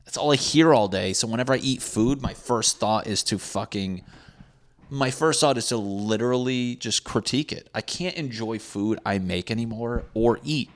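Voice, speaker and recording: A man's voice: medium pitch, moderate pace. A young man talking casually as a podcast host, profane and sarcastic, mocking people in put-on voices. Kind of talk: casual rambling monologue.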